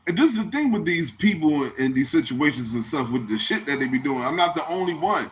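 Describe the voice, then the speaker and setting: A man's voice: a little high, big pitch swings, brisk, slight background noise. A man hosting a podcast, talking bluntly and profanely in loose, rambling slang. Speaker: podcast host. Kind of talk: casual commentary.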